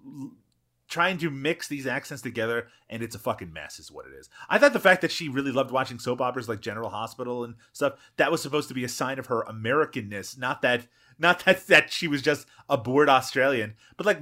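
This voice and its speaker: A man's voice: medium pitch, expressive, brisk, pushed and bright. A man co-hosting a film podcast, talking casually and at length, with frequent restarts and swearing. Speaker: podcast co-host. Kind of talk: casual chat.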